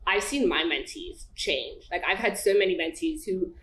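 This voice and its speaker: A woman's voice: fairly low pitch, normal speed, fairly bright tone. A woman co-hosting a podcast, speaking earnestly and emotionally about hard experiences in a heartfelt conversation. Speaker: podcast co-host. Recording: echoey room with faint background noise.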